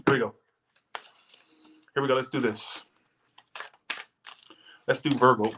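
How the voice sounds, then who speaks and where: A man's voice: medium pitch, steady tone, a little slow, a bit bright, a little hiss or hum. A man giving a casual live tarot reading, rambling and chatty, swearing now and then as he thanks viewers and tells stories. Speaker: tarot reader. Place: Las Vegas.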